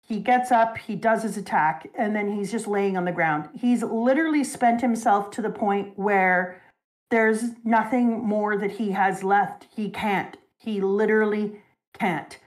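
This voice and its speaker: A woman in casual chat, recapping a story arc in an animated, emotional way and laughing now and then. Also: medium pitch, a little slow.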